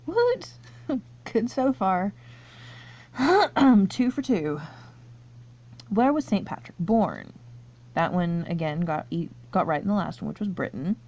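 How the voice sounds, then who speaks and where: A YouTuber with a fairly low, darkish voice and lively intonation reads online quiz questions aloud at a measured pace. She thinks through her answers in chatty, casual commentary and laughs often.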